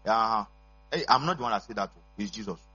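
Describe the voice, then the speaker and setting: A man preaching a sermon as pastor, emphatic, with call-and-response and bursts of shouting. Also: on the low side, expressive, fairly quick, slightly rough. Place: church service. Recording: dull lo-fi recording with mains hum.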